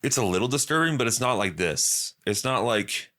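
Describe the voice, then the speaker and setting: A man's voice: mid-range voice, lively intonation, normal speed, hardly any pauses, bright, forceful tone. A young man hosting a podcast, chatting casually and profanely and acting out quoted voices. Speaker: podcast host.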